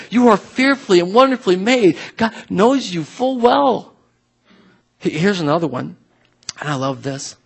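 A man's voice: extremely high pitch, a bit bright. A man preaching a sermon as pastor, talking conversationally and emphatically, repeating his key phrases.

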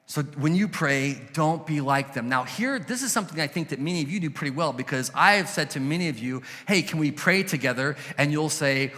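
A man's voice: on the high side, quick pace, hardly any pauses, sharp tone, long reverb tail. A man preaching a conversational sermon as a pastor, telling stories and acting out quoted voices.

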